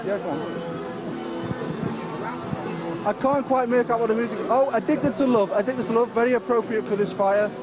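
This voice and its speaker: A high-pitched man calls the action in an over-the-top mock sports commentary, excitable and jokey. He works as master of ceremonies. The recording is a muffled amateur tape with a loud crowd roaring behind him. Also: fast, few pauses, over loud music.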